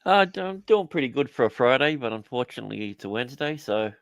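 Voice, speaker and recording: A man's voice: mid-range voice, expressive, quick pace, vocal fry, no room sound, studio quality. A man on a casual live podcast, laid-back and joking. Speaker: podcast panelist. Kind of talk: casual live-stream chat.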